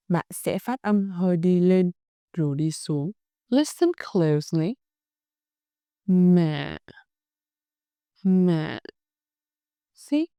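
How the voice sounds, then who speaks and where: A woman's voice: on the low side, mellow, dry recording, clean studio sound. A woman from Hanoi with a Vietnamese accent, teaching a scripted language lesson and carefully demonstrating tones.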